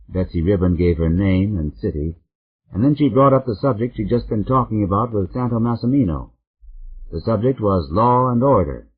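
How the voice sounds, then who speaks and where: Low-voiced husky man, steady novel narration, tinny lo-fi sound. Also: a little fast. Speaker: audiobook narrator. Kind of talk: scripted narration. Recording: narrow phone-like audiobook sound.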